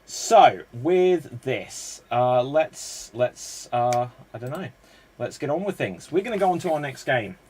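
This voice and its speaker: A man hosting a live streamed improv show, brisk and jokey as he runs the games. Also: medium pitch, animated, a little mellow, breathy edge.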